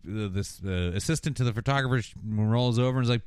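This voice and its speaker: A man's voice: mid-range voice, smooth, dry recording, studio quality. A man hosting a podcast, recapping TV episodes in casual chat and acting out the characters' lines. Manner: animated, acting out every character with quick voice switches. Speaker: podcast host.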